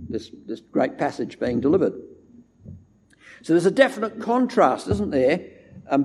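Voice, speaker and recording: A man gives a sermon from the pulpit, pitched a little above most men. He talks steadily and lands heavy stress on the words he wants to ring out. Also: a little mellow. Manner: measured, emphatic delivery stressing key words. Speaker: preacher. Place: church.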